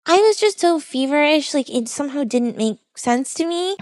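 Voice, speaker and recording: A woman VTuber telling a true story in a casual, animated way, acting out what people said. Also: sits high, normal speed, dry recording. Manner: animated, expressive retelling with quoted dialogue.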